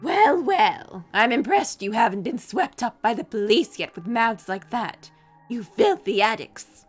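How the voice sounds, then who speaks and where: A woman reading a cold, calm young man who craves violence, in an even, measured voice while reading a game aloud. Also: on the high side, soft background music.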